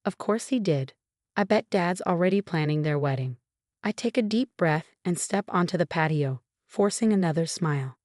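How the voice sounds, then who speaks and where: Low-voiced woman narrating a story. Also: animated, moderate pace, dry recording, studio quality. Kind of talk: scripted first-person story narration.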